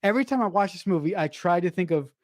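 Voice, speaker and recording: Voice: medium pitch, expressive, fast talker, a little mellow, no echo. Rambling podcast host, dry close mic. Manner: rambling recap with many restarts. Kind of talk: casual film recap chat.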